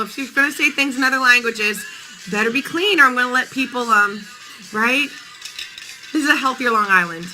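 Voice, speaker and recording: Tired-voiced woman, 30s, live stream host, bright and a touch high, chatty. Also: rough recording. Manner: chatty, playful, reads out viewer comments. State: tired voice early in the morning. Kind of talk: casual live stream chat.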